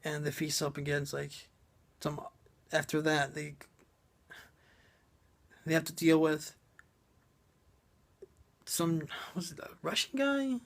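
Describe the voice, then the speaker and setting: A man's voice: on the high side, slow pace, vocal fry, long pauses. A man giving a sarcastic, profane, rambling movie review full of fillers and restarts.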